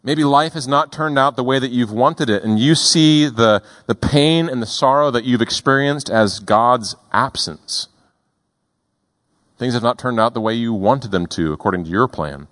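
A male pastor preaching a sermon in a deliberate, emphatic way, slowing down on key words. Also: mid-range voice, a bit bright.

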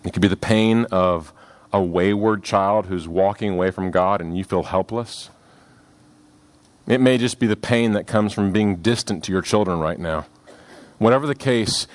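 Preaching from a scripture passage, a man with a lowish voice speaks earnestly and expressively, his voice climbing for emphasis before settling into hushed, slow phrases.

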